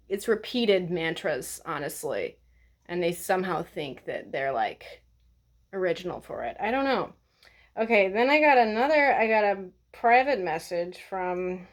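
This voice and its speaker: A woman vlogger talking in a blunt, sarcastic, profane way as she rants to the camera. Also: mid-range voice. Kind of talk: casual ranting vlog.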